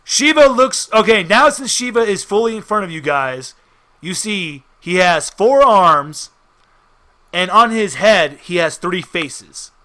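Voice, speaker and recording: A man's voice: high-pitched, animated, unhurried, pushed and bright. A man narrating a tabletop game as game master, in an easygoing way with frequent restarts.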